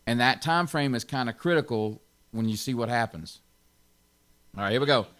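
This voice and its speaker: A man's voice: medium pitch, lively intonation, moderate pace, a bit bright. A man pastor giving an informal Bible teaching, stressing key words and chuckling often.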